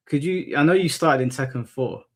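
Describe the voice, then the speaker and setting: A man's voice: a little high, moderate pace, slight background noise. A man hosting a casual interview, asking questions hesitantly with lots of fillers. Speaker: host.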